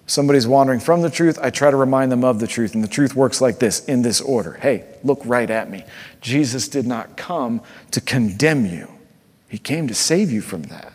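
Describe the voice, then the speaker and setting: Earnest male preacher in a reverberant hall. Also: mid-range voice. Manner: earnest, swings from hushed to fervent. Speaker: pastor. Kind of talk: sermon.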